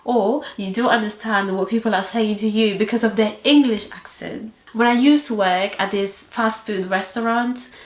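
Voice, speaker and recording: A woman's voice: medium pitch, moderate pace, few pauses, echoey room, low-quality recording. A young woman from Portugal with a Portuguese accent, chatting animatedly in a casual vlog, with many fillers. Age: young adult. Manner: animated and expressive, lots of fillers. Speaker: vlogger.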